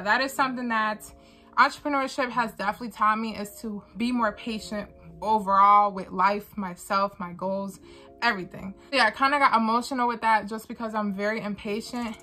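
Young female vlogger, bright and forthright, circles back on her points; candid talking-head delivery. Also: mid-range voice. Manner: earnest, repeats phrases for emphasis. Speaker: vlogger and small business owner.

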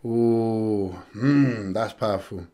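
A man's voice: fairly low pitch, takes it slowly, dark tone. A British man from the UK hosting a music reaction, talking in a casual, earnest and reflective way and repeating phrases for emphasis.

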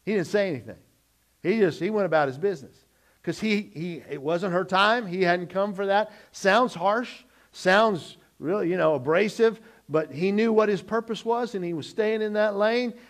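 A middle-aged man preaching a sermon as pastor, swinging between loud emphatic lines and quiet low asides, often repeating words as he restarts. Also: normal speed.

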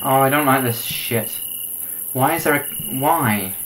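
A man's voice: medium pitch, unhurried, fairly bright tone, slight background noise. A man commentating his own horror game playthrough, jumpy and swearing, yelping when startled. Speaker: gaming video host. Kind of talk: let's play commentary.

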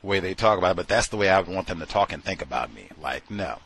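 A man with a low, husky voice hosts a talk show in loose, casual commentary. He rambles and stresses his points, circling back to repeat himself, and now and then slips into the voices of the people he quotes. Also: animated, quick pace, fairly bright tone.

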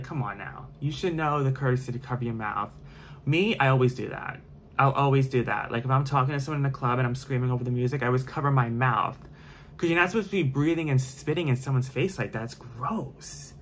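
A male beauty vlogger chats casually while doing his makeup on camera for a tutorial, opinionated and prone to wandering off on tangents. His medium-pitched voice is brisk, with slight background noise.

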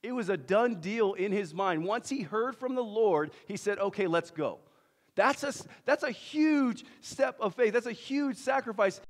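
A man, preaching a sermon, moving between loud emphasis and hushed storytelling. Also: high voice, expressive, normal speed. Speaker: pastor. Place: church hall. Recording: long church-hall reverb.

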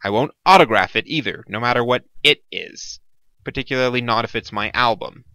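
A man's voice: medium pitch, big pitch swings, moderate pace, bright, forceful tone, no echo, voice pushed up. A man reading the part of an irritable, sardonic famous musician with a snappish, dry delivery.

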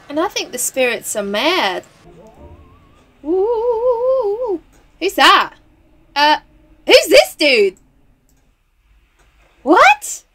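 A young woman talks over her gameplay in a loose, chatty way, reacting loudly and dropping slang as she goes. Her voice sits high for a woman, and her talk is excitable. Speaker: game streamer. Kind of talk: casual gameplay commentary.

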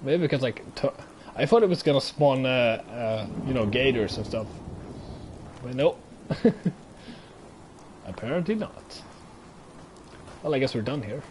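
A man's voice: mid-range voice, unhurried, long pauses. A man talks through a video game as he plays, his voice jumping up and down and full of sudden exclamations and casual curses. His throat sounds slightly strained, and a faint hiss sits under the recording. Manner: excitable, swears often, thinks aloud. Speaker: gaming let's-player. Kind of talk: casual gameplay commentary.

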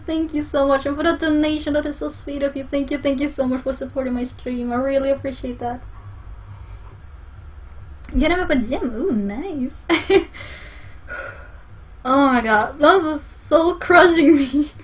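A young woman with a Swedish accent, streaming a video game live, excitable, swearing often and laughing a lot. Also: high voice, unhurried, long pauses.

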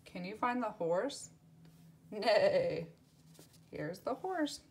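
In a children's lesson, a woman with a fairly high voice and big pitch swings spells words letter by letter, unhurried. She repeats them in a sing-song way and offers cheerful praise to the young kids.

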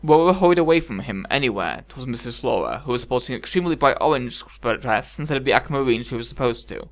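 A man narrating a fairy-tale story calmly with wry asides. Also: medium pitch, fast talker, dull audio. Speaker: audiobook narrator. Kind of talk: scripted narration.

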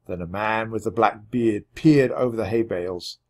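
A man reading a children's chapter book aloud with expressive, dramatic storytelling. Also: lowish voice, normal speed. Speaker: audiobook reader. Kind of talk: children's audiobook narration.

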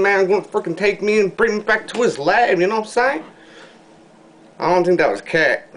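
A man with a Newfoundland accent ranting casually to camera in a video response, full of slang, rambling, sliding from low mutters into loud excited bursts. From Newfoundland, Canada. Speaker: vlogger.

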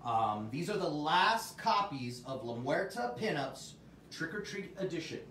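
A man's voice: a little high, very animated, a little slow, a bit bright, recorded from a distance, slight background noise. A man hosting a livestream sales show, with upbeat salesman patter and chatting with his viewers. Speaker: host. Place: Arizona. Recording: roomy sound from off the mic.

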